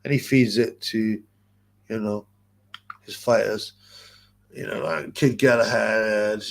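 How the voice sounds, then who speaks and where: Gravelly, rambling man on a livestream. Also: lowish voice, fairly even intonation, takes it slowly, slight background noise. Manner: rambling, crude and gossipy, with frequent fillers. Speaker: livestream host reading chat comments. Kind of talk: casual livestream chat.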